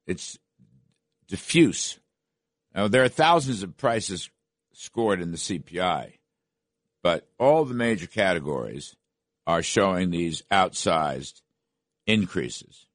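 A man's voice: fairly low pitch, dry recording. An older man hosting a radio talk show, delivering an emphatic opinion monologue from a studio, with restarts along the way. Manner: emphatic, rising to indignant questions, frequent restarts.

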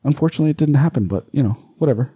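A man co-hosting a casual podcast, explaining things in a relaxed, rambling way with frequent swearing. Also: medium pitch, racing, husky, no echo, clean studio sound. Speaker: podcast co-host.

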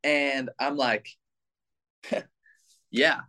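A young man in his twenties, a baseball player, telling a story in a casual, animated way with lots of filler words. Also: medium pitch, drawn-out words.

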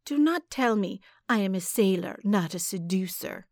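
A woman voicing a cold, commanding old witch who speaks low, soft and menacing. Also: expressive, moderate pace, dry recording, clean studio sound, natural voice.

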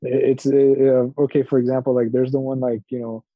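A man with a medium-pitched, level voice speaks a little fast, with no room sound, through a dull lo-fi mic. He's co-hosting a casual podcast chat, talking hesitantly with lots of fillers and trailing off.

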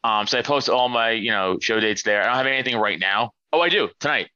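Excitable comedian on a dull line. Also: male voice, medium pitch, fast, clean tone, no room sound. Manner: excitable, swears freely. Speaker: comedian guest. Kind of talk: casual chat.

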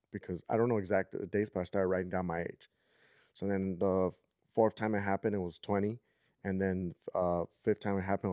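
A man's voice: low-pitched, a little mellow, clear, resonant tone, no room sound, studio quality. A man in his thirties hosting a podcast, telling a long story in a casual, rambling way with lots of fillers. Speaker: podcast host.

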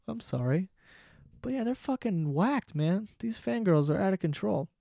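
A man's voice: high-pitched, expressive, normal speed, gravelly, mellow, dry recording, studio quality. Swearing, rambling young man on a podcast. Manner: profane, rambling, laughs at himself. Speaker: podcast host. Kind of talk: casual solo podcast rant.

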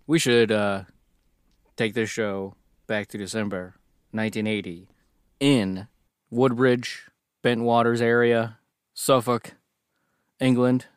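A man's voice: medium pitch, flat delivery, takes it slowly, pauses often, clear, resonant tone, no room sound, clean studio sound. A man co-hosting a podcast, joking and laughing as he reads notes aloud in casual banter. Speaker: podcast co-host.

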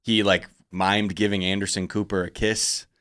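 A man's voice: lowish voice, level tone, moderate pace, fairly bright tone, clear, resonant tone. A man hosting a podcast, telling a story in a loose, casual way, with lots of swearing and filler words. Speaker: podcast host. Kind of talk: casual chat.

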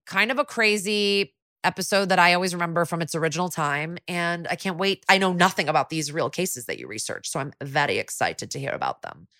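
A woman's voice: lowish voice, lively intonation, brisk, bright, forceful tone, dry recording, studio quality. A woman co-hosting a podcast, recapping in a casual, chatty way, full of "like" and the odd swear word. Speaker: podcast co-host.

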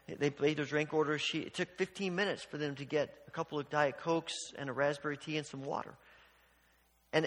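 A man preaching a sermon in an earnest way, often stumbling over repeated words and dropping to a hushed voice for emphasis. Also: a little high, in a large hall. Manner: earnest, repeats words when restarting, drops to quiet near-whispers for emphasis.

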